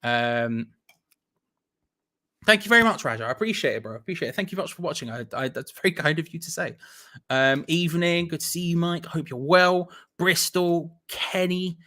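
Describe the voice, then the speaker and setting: A man's voice: on the high side, moderate pace. A young man hosting a live football watch-along, chatting casually and reading out viewers' messages and locations. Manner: chatty, rattles off viewer locations with shout-outs.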